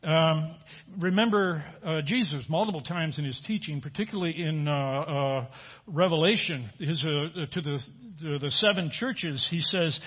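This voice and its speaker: A middle-aged man preaching a sermon, halting with fillers and restarts, slowing down to quote scripture with emphasis. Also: on the high side, slightly rough. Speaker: pastor. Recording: dull lo-fi audio.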